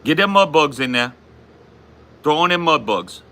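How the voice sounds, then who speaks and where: A man putting on a Cajun accent to play a loud, folksy cook who hollers cooking steps. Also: a little high, very animated, voice pushed up. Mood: hyped. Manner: hollering cooking instructions, drawn-out y'all.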